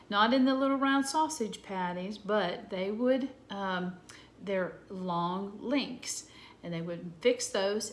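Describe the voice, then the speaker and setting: A woman, gently teaching a lesson to young children from home. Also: medium pitch, a little hiss or hum. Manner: gentle, slow, talking to children. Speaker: preschool teacher.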